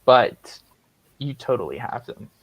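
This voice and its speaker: A man's voice: medium pitch, sing-song, measured pace, no echo, highs cut off. A young man hosting a live Q&A stream, answering chat questions in a blunt, direct way. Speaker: host of a lucid dreaming Q&A stream. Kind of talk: casual livestream chat.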